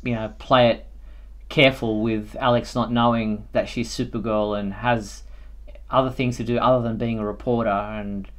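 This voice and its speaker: A man hosting a live fan chat show, talking in a relaxed way. He thinks aloud and leans on fillers as he goes. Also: medium pitch, normal speed. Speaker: host.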